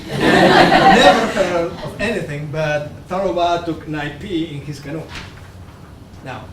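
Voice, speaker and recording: A man playing a wry, knowing ancient god who lectures the others with gentle amusement, in a stage play. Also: on the high side, lively intonation, moderate pace, far from the mic, lightly acted. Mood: amused. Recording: roomy stage, picked up from afar, noisy.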